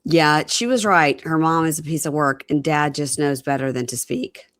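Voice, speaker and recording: A woman podcast host with a lowish voice, talking in a loose, chatty way. She is an animated storyteller who slips into other people's lines as she recaps. The recording is close and dry, with no room sound. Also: normal speed, no echo. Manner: animated storyteller, acts out quotes. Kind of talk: casual chat recapping a reality show.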